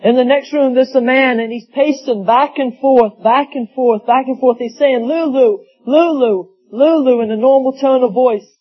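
A man's voice: extremely high pitch, fairly even intonation, moderate pace, hardly any pauses, breathy edge. A man preaching a sermon, telling folksy stories with acted quotes. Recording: dull lo-fi sound.

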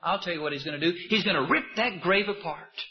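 A man preaching a sermon with impassioned rhetorical questions, swinging between loud emphasis and hushed asides. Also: sits high, quick pace, muffled recording.

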